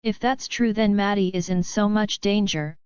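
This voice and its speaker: A woman voicing a protective, possessive young werewolf alpha king, in a gruff, commanding way, in an audiobook. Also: high-pitched, normal speed, dry recording, muffled recording, natural voice. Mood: stern.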